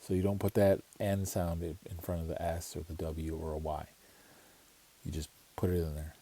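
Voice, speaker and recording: Low, dark, husky-voiced male teacher. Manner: relaxed, explanatory, repeats words slowly. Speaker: language teacher. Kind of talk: casual screen-share lesson.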